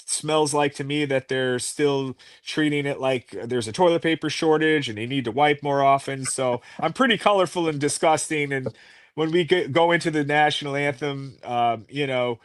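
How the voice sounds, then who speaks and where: A man's voice: mid-range voice, no echo, studio quality. Chatty middle-aged man telling wrestling stories. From United States. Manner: chatty, rambling anecdotes with many fillers. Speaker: pro wrestling guest. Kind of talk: casual interview storytelling.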